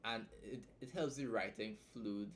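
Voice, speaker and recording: His voice is lowish and fairly bright, paced in a measured way, with a little hiss or hum. He's a young streamer giving a loose, chatty writing tutorial on editing, tired after staying up long, and often tagging points with "right?".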